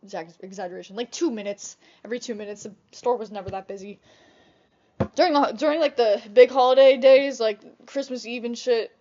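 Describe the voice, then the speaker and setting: A young woman vlogger telling a casual storytime about old jobs, chatty and animated, swearing often. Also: fairly high pitch, fairly quick, lo-fi sound.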